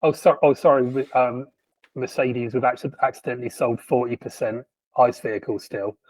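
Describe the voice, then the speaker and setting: A man co-hosting a podcast in casual chat, animated and sardonic, stumbling through frequent restarts. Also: medium pitch, normal speed, no room sound, poor audio. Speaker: podcast co-host.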